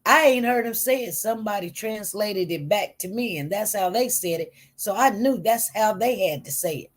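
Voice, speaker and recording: A woman's voice: medium pitch, moderate pace. A woman giving casual, emphatic commentary on news stories, repeating herself and talking informally. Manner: emphatic, repetitive, animated.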